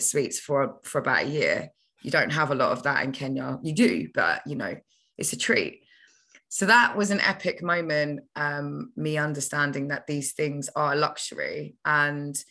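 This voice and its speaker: A young woman, a podcast guest telling stories from her childhood in a lively, chatty way. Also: deep voice. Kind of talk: casual storytelling.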